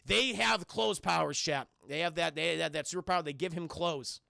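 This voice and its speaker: Young guy streaming, swears a lot, bright tense voice, dry sound. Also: a little high, moderate pace, gravelly, no echo. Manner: profane, animated retelling. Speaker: streamer reviewing cartoons. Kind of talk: casual chat with viewers.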